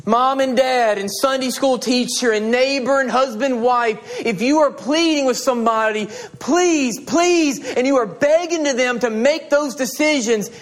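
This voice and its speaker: A man's voice: very high voice, normal speed, hardly any pauses. A man preaching a sermon as a pastor, pleading and emphatic, repeating his appeals to the congregation. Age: adult with children and a wife.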